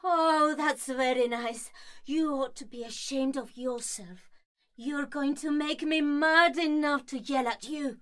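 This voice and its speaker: A woman's voice: high-pitched, slow pace, a bit bright. A woman playing Helena, a hurt young woman who speaks reproachfully and sarcastically, in an amateur stage-play reading. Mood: sarcastic.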